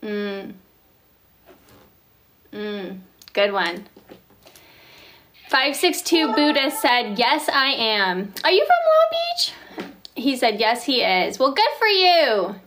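A woman's voice: fairly high pitch, lively intonation, slow, long pauses, a bit bright, a little hiss or hum. A woman hosting a casual phone livestream, reading viewer comments aloud and chatting, laughing often. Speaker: livestream host.

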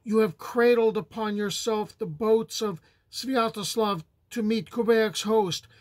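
A young princess cries out from the ramparts in a mournful storybook reading, with a man giving her voice. Her calls are slow and pleading, set fairly high. The sound is close and dry. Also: no echo. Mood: mournful plea. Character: young princess lamenting her wounded husband.

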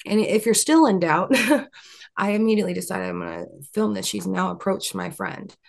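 Young adult woman, interview guest; earnest rambling storyteller with a gravelly, creaky edge at a middling pitch. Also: sing-song, moderate pace. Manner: rambling, earnest, many fillers and restarts.

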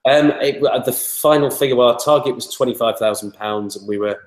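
A man's voice: medium pitch, fairly quick. Chatty man, roomy echo. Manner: chatty, rambling, many fillers. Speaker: interview guest, toy startup spokesman. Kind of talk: casual interview talk.

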